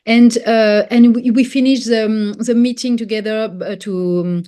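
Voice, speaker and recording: A woman with a French accent hosting a podcast interview, speaking hesitantly with many pauses as she searches for her words. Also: a little high, steady tone, warm tone. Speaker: podcast host.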